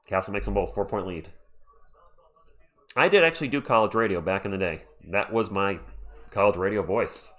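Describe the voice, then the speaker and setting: Man, livestream host, casual play-by-play, excitable, chatty, reads chat aloud, desktop mic, home. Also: medium pitch, moderate pace, long pauses. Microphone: USB desktop microphone.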